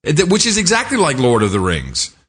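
Co-hosting a casual podcast, a man rambles through a film recap full of fillers, restarts and laughter. His voice is a little high, slightly rough and a bit bright, swinging hugely in pitch at a brisk pace.

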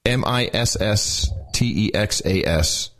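A man's voice: fairly low pitch, slow, fairly bright tone. A man co-hosting a podcast, chatting casually and joking with lots of restarts. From Texas. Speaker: podcast co-host. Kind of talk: casual chat.

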